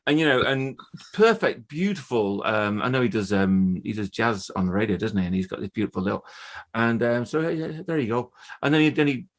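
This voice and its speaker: A man in his fifties, a guest actor telling stories in a chatty, animated way on a casual podcast. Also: on the low side, fairly quick. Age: 50s. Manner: chatty, animated storyteller with many restarts.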